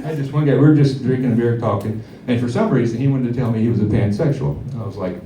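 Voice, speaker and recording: A man doing a stand-up set at a comedy club, with a rambling, deadpan delivery full of fillers. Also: medium pitch, fast talker, background noise. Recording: echoey club, heard from far off.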